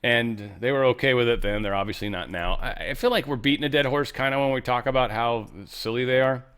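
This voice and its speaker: A man's voice: medium pitch, brisk, a bit bright, clean tone. A man hosting a show, giving casual political commentary in a blunt, rambling way with frequent profanity. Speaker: show host.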